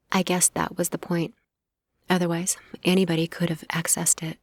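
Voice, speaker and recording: Low gravelly woman narrating an audiobook. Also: no room sound. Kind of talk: first-person audiobook narration.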